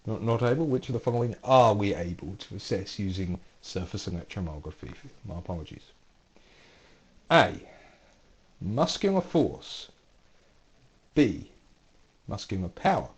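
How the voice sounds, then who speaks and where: A man lecturer reads out multiple-choice quiz questions, lettering each option. His voice swings lively up and down in pitch. He keeps it playful with dry asides and corrects himself as he goes. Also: unhurried, long pauses. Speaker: university lecturer.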